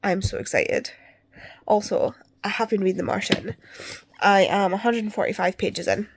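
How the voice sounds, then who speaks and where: A woman talks in a loose, rambling way, full of fillers and restarts. Her voice is going and she sounds stuffed up. She chats casually to her viewers at a middling pitch. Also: fairly even intonation, moderate pace, a little hiss or hum. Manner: rambling, chatty, with many fillers. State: losing her voice, congested. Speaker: book vlogger. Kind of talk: casual chat. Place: parked car, then at home.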